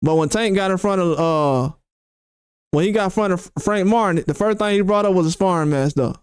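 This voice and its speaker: Man, high pitched, smooth clear voice, dry close sound, heated boxing commentary, rhetorical questions. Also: brisk, dry recording. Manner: animated, repeats himself, rhetorical questions.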